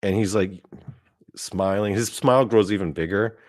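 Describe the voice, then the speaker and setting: On his own podcast, a man with a lowish voice tells a first-person story at normal speed, rambling casually with lots of swearing, fillers and restarts. The recording is dry, with clean studio sound.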